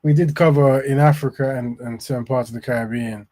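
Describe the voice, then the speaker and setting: A man hosting a podcast discussion, speaking in a measured way with hesitant restarts. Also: mid-range voice, fairly even intonation, a little mellow. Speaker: host.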